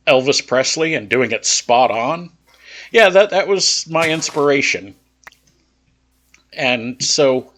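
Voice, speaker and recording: Male gaming host, unhurried relaxed storyteller, rambling anecdotes, middle-pitched voice. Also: a little hiss or hum. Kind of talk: casual storytelling over gameplay.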